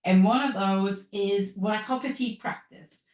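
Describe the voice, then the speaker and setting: Woman with a European accent, podcast host, upbeat and chatty, roomy echo. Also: a little slow. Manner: upbeat, chatty, lively pitch swings. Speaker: podcast host, business and wellness coach. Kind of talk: solo podcast talk. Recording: echoey room.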